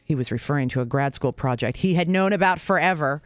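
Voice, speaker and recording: A woman telling a personal story in a wry, sarcastic, self-mocking way, with sudden leaps in pitch for emphasis. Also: quick pace, no echo, soft background music.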